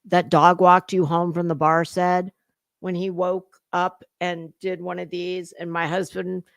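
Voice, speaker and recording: A woman's voice: lowish voice, level tone, measured pace, gravelly, no room sound, clean studio sound. A middle-aged woman hosting sarcastic reaction commentary, mocking and profane, slipping into put-on voices. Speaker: commentary host.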